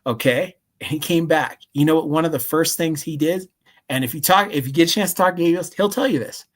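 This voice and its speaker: Animated man telling a story. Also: fairly high pitch, fast. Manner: animated, keeps saying "see?", acts out voices. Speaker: guest, convention vendor. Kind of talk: animated storytelling on a live call.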